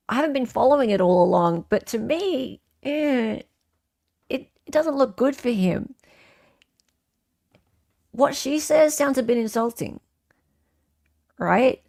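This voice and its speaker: A woman's voice: sits high, animated, slow, vocal fry, pauses often, darkish tone. A woman hosting a casual livestream, reading viewer comments aloud and answering them in a chatty way with frequent fillers. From Australia. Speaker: livestream host.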